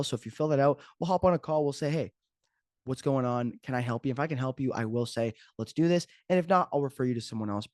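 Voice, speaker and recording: A man's voice: medium pitch, a little mellow, no room sound, clean studio sound. A man hosting his own podcast as a fitness coach, talking casually and joking off the cuff. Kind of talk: casual solo podcast talk.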